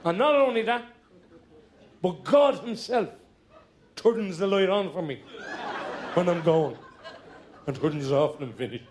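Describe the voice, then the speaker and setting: A man's voice: sits high, animated, unhurried, long pauses, darkish tone, a little hiss or hum, pitched above the performer's own voice. A man voicing a cheerful, oblivious elderly grandfather, talking in an eager, proud, sing-song way. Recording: live stage, audience laughter, music.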